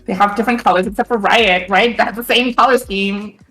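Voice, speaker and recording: A woman's voice: mid-range voice, fairly even intonation, fairly quick, a bit bright. Giggly woman streamer in an echoey room. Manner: chatty, giggly, self-described nerd. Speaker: streamer host. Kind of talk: casual chat on a live stream. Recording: roomy echo with faint music.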